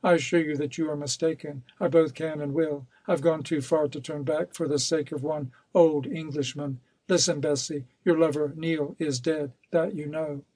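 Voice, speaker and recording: A man's voice: a little high, steady tone, normal speed, few pauses, a little mellow, husky, no echo. Male narrator voicing a ruthless storybook villain: cold, insistent, wheedling; dry close recording. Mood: villainous. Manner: cold and insistent, turning coaxing. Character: scheming, ruthless male villain, pleading and menacing.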